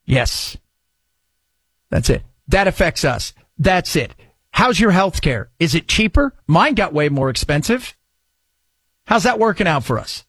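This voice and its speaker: A man's voice: fairly high pitch, very animated, measured pace, pauses often, fairly bright tone, husky, dry recording. A man hosting a talk radio show, ranting with sarcasm and indignation. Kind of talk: opinionated talk radio monologue.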